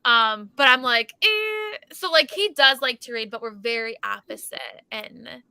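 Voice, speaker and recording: A woman's voice: on the high side, moderate pace, creaky, sharp tone, clear, resonant tone, dry recording. A young adult woman hosting a casual reading livestream, chatty and full of fillers, laughing often. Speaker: livestream host. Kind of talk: casual chat.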